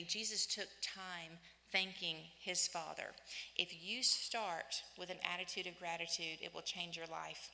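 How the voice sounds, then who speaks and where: A woman in her fifties giving an inspirational church talk, telling personal stories in an animated way and acting out the voices she quotes. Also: fairly low pitch, measured pace, creaky. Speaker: women's day church speaker. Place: church hall. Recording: echoey church hall.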